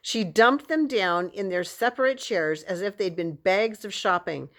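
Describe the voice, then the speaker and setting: A woman reading a children's novel aloud in a steady, expressive storytelling manner. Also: mid-range voice, unhurried. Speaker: audiobook reader.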